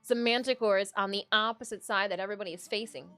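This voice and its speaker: A woman's voice: mid-range voice, fairly even intonation, fast, a bit bright, dry recording. A woman from Michigan streaming a game, chatting playfully with her viewers and reading out their names. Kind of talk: casual live-stream chat. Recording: faint game music behind.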